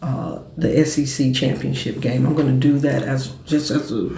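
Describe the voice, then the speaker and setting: A man hosting a casual sports and cigar talk show, telling stories in quick, animated bursts. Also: medium pitch, gravelly, roomy sound, slight background noise.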